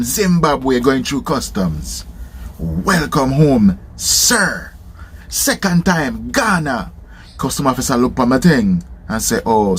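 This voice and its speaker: Animated Jamaican man telling a story. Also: medium pitch, a little hiss or hum. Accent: Jamaican patois. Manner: animated, keeps checking in with "seen?". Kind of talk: casual storytelling.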